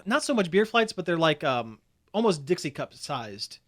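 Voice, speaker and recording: Male podcast host, slightly higher voice, loose rambling storyteller. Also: sing-song, moderate pace, fairly bright tone. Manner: chatty, rambling with many fillers and restarts. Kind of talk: casual chat.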